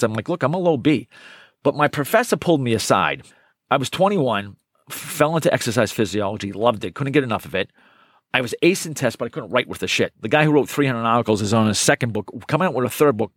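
A middle-aged man telling stories as a podcast guest, energetic and profane, often repeating words as he gets going. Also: mid-range voice, no room sound, clean studio sound. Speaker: podcast guest, trainer and author. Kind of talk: casual interview storytelling.

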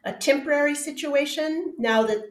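A woman's voice: sits high, moderate pace. A woman hosting a podcast interview, asking questions in an encouraging way with short affirmations. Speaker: podcast host. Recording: echoey room.

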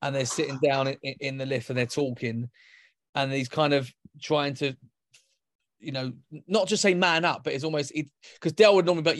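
A man talks earnestly on a podcast at a middle pitch. The sound is dry and close, with no room echo. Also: steady tone, fairly quick. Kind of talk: casual chat.

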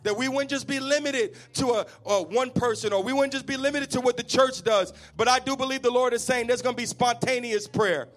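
A man's voice: very high voice, fairly quick, hardly any pauses, fairly bright tone. A man preaching a charismatic sermon, chanting lines and calling on the congregation to repeat after him. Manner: fiery, chanting, repeats calls to the crowd.

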